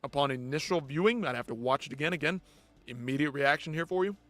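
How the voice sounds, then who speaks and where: A man's voice: a little high, fast, fairly bright tone, faint music behind. Profane, ranting male fight-show host. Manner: blunt, profane, exasperated ranting. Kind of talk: live post-fight commentary.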